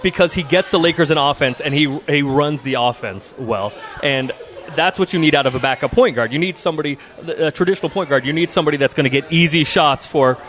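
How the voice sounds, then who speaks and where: A man co-hosting a sports podcast, giving measured, analytical commentary. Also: on the high side, a bit bright. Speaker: podcast co-host. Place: arena after a game.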